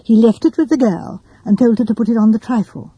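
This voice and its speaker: A woman voicing a gentle, fussy old spinster who rambles softly. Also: fairly high pitch, fairly quick, slightly rough, no echo, muffled recording. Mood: musing. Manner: rambling, soft and quiet.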